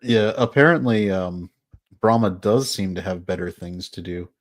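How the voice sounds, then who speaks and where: A man's voice: sits low, normal speed. A man hosting a casual podcast panel, joking and laughing often. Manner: laughs often, puts on a joking Jersey accent for bits. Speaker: podcast host. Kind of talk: casual chat.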